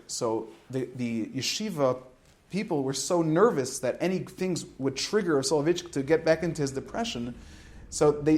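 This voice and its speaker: Male rabbi, middle-aged, a touch high-pitched, animated storyteller for a student talk. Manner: animated storyteller, swings from loud to hushed. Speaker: rabbi teaching at a yeshiva high school.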